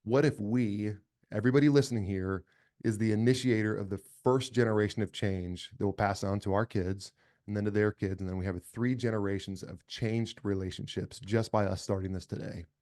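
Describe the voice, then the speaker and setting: A man's voice: fairly low pitch, steady tone, a little fast, a little mellow. A middle-aged man speaking as a podcast guest, earnest and emphatic, often restarting his words. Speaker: podcast guest, company cofounder. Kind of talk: casual conversational interview.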